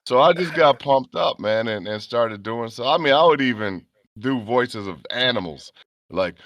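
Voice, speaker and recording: A man's voice: medium pitch, normal speed. A man in his fifties from Chicago, a voice actor telling stories as a guest in a casual interview and slipping into character voices. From Chicago, United States. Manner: animated storyteller, slips into character voices.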